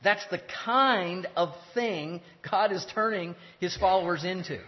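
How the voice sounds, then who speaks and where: Man lecturing in a reverberant hall. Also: high voice. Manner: measured, explaining with pauses and restarts. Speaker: teacher. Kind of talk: theology lecture. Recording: dull lo-fi sound with long hall reverb.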